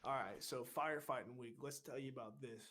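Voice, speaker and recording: A man telling a boot camp story on a casual podcast, profane and animated, getting loud when he acts out what he said. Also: mid-range voice, brisk, slightly rough. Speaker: podcast co-host.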